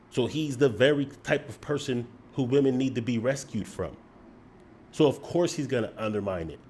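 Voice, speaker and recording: A man giving measured, critical commentary on a video. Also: medium pitch, a little mellow, a little hiss or hum.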